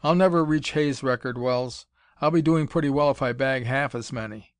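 Brief: man voicing a blunt young pilot, gruff, pitched up a touch. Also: moderate pace, no room sound, lightly acted. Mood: earnest. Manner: gruff, forthright. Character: young squadron leader, blunt and dutiful.

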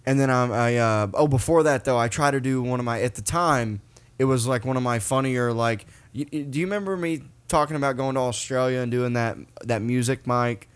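A man's voice: medium pitch, brisk, smooth. A man hosting a casual chat, a comedian telling crude, rambling stories. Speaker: podcast host and comedian.

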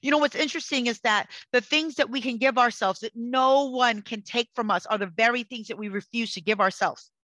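Woman w/ a bright highish voice going off about self-worth, forceful and preachy, dry mic. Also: brisk, few pauses, no echo, rough recording. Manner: passionate and forceful, preachy self-empowerment talk. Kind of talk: casual conversation.

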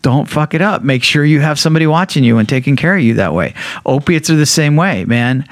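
A middle-aged man casually telling a personal recovery story, profane and animated, acting out what people said. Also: a little high, no echo, studio quality. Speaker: podcast guest sharing recovery story.

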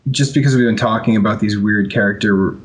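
Low-voiced hesitant podcast man. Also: brisk. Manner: hesitant, filler-heavy, agreeable. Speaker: podcast co-host. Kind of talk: casual chat about tabletop game rules.

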